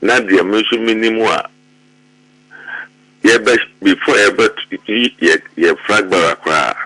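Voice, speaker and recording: A middle-aged man with a Ghanaian accent, speaking in heated commentary about his party. His voice is very bright and cutting, a little low in pitch, and the sound is close and dry. When he gets worked up he repeats words fast. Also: slightly rough, dry recording, rough recording. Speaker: political party member.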